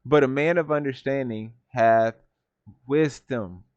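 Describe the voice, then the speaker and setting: A man's voice: mid-range voice, a little slow, a little mellow, dry recording, lo-fi sound. Man teaching scripture, asking "right?". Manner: reads verses then defines words, repeats "right?". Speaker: Bible teacher. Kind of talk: scripture study talk.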